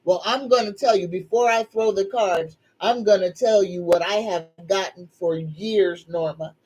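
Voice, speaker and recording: A middle-aged woman, hosting a casual psychic livestream and greeting viewers in a slow, folksy, drawn-out way. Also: medium pitch, darkish tone, slightly rough, rough recording. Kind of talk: casual live-stream chat.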